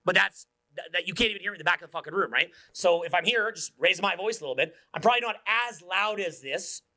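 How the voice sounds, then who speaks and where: A man giving a live seminar talk in a room without speakers, energetic, joking and profane. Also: high-pitched, very fast. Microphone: unamplified room talk.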